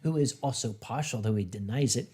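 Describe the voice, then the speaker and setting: A man hosting a casual drinking livestream, talking in a blunt, brash and animated way. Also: medium pitch, a little fast, slightly rough. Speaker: livestream host. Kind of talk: casual drinking-stream chat.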